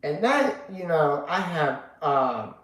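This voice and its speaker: Sleepy guy rambling on his stream, slow talker, lots of ums and cussing, echoey room sound. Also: a little high, sing-song, a bit bright. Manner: rambling, swears casually, many fillers. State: sleepy, yawning. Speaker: livestream host reading chat. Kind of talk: casual live-stream chat.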